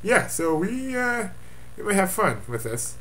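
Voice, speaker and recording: A man's voice: high-pitched, sing-song, a little slow, a bit bright, a little hiss or hum. A man giving a casual webcam update as commissioner of his fantasy football league, offhand and rambling with jokey asides.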